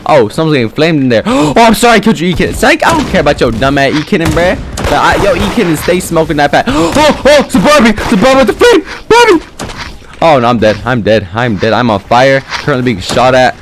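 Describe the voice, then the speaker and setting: Young male gamer, live commentary, excitable and crude, very lively pitch. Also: fast, hardly any pauses, noisy background. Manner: excitable, slangy, swearing, sudden yelps. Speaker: gaming video creator.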